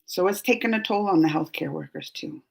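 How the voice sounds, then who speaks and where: A woman hosting a live stream, chatting casually with her viewers. She is emotional and laughs often, going from giggly to soft and earnest. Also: on the low side, brisk, gravelly. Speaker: reaction channel host reading live chat.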